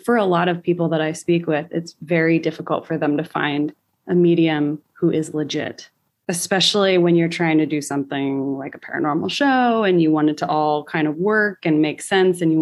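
Earnest woman host with a low voice. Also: normal speed. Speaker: podcast host. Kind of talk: interview conversation.

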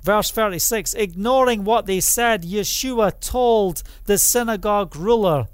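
A man preaching a sermon, emphatic and repetitive, who builds up to loud exclamations. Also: high-pitched, a little slow, few pauses, smooth, no echo.

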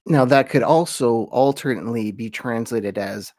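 A man hosting a podcast, giving an informal lecture on religious history and slowing down to read quotations with weight. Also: medium pitch, a little mellow, no room sound, studio quality.

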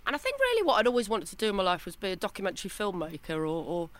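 Woman, fifties, animated storyteller, self-deprecating, interview guest, medium pitch. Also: rapid-fire. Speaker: podcast guest, broadcaster. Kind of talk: casual interview chat.

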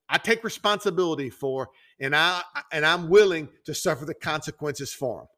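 Middle-aged male podcast host, slightly high-pitched, folksy and conversational storyteller. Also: pushed and bright. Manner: folksy, conversational, with heavy fillers and restarts.

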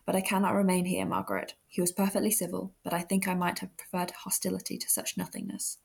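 A woman's voice: on the low side, flat delivery, fast, gravelly, husky. A woman reading the lines of a timid young widowed countess, morose and wistful.

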